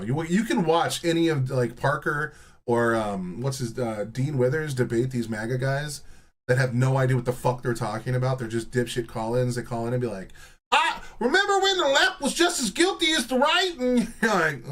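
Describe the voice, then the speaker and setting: A man ranting casually and profanely while reacting to clips, often mocking people in put-on voices. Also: medium pitch. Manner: heated, swearing, mocking impressions.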